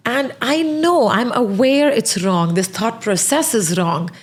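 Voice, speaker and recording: A woman's voice: on the high side, unhurried, few pauses. A woman in her thirties hosting a casual interview chat. She talks passionately and with animation, often restarting her sentences. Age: 30s. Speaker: podcast host.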